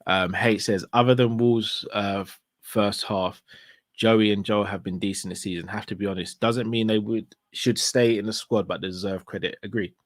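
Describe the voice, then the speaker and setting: A man hosting a casual live stream, reading out viewer messages in a relaxed, slangy way and giving shout-outs. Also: lowish voice, moderate pace, dry recording, clean studio sound.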